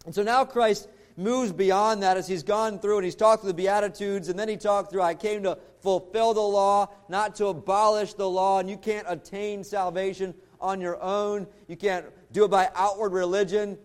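A pastor preaching a sermon in an earnest way, slowing down and dropping low to stress his points. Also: steady tone, clean tone. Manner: earnest preaching, slows and drops low for emphasis.

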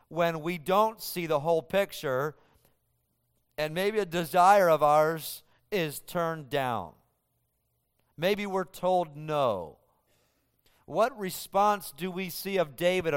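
A man from the United States preaching a sermon, moving between loud emphatic lines and hushed ones. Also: fairly high pitch, clear, resonant tone. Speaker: pastor. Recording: long hall reverb.

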